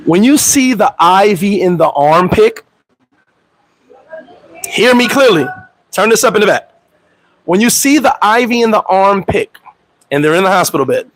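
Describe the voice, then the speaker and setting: A man hosting a casual livestream chat, animated and laughing, telling stories with profane street slang and acting out quotes in high voices. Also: no echo, low-quality recording. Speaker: host. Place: Dominican Republic.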